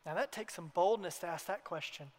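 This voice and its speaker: A man preaching a sermon to his congregation in a church, earnest, sometimes dropping to a hushed tone for emphasis. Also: sits high, brisk. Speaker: pastor. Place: church hall. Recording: long hall reverb.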